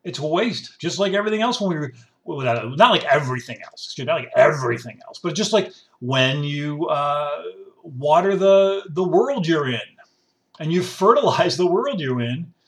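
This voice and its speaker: A man's voice: fairly high pitch, animated, moderate pace, far from the mic. A middle-aged man in a casual ranting monologue, sarcastic and rambling, who drops into grumbling voices to mimic people who complain. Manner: rambling with restarts and repetition. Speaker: commentator.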